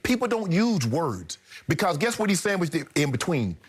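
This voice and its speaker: Emphatic high-voiced male sports pundit. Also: big pitch swings, moderate pace, breathy edge. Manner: emphatic, preachy, addresses co-host directly. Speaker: sports debate show co-host. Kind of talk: heated opinion commentary.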